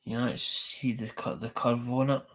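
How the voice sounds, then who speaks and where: A man's voice: medium pitch, level tone, moderate pace, a little hiss or hum. Rambling Scottish man telling stories. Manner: rambling storytelling with frequent "right?" and swearing. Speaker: live-stream show host. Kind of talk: casual chat.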